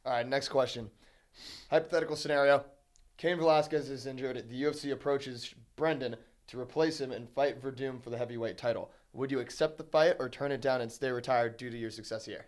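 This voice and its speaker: A man's voice: medium pitch, a little fast. A man on a podcast plainly reading out questions for the hosts. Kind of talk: casual chat.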